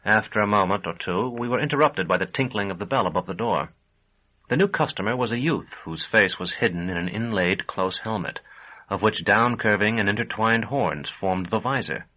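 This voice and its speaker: Low-voiced male audiobook narrator. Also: lively intonation, moderate pace. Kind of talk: first-person audiobook narration. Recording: dull lo-fi audio.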